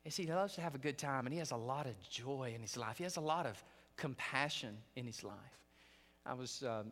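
A man preaching in a seminary chapel, telling a story with lively acted-out moments. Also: mid-range voice, brisk. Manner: animated storytelling, acts out scenes. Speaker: guest preacher. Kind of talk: sermon. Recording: long reverb of a chapel.

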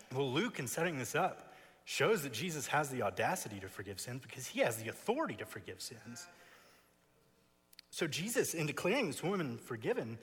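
A man's voice: mid-range voice, a bit bright, breathy edge. A man preaching an expository sermon in a seminary chapel, building his points with emphatic repeated phrases. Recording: long reverb of a chapel.

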